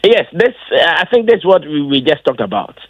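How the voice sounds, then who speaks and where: A man tells his side in an interview, emphatic and animated, his voice jumping way up when he gets worked up. His speech sits a bit high for a man. The recording is dull and lo-fi, with a dry, close sound. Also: fairly quick, no room sound. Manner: emphatic storyteller, voice jumps high when excited. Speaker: event organizer interviewed as guest. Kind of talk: casual interview answers.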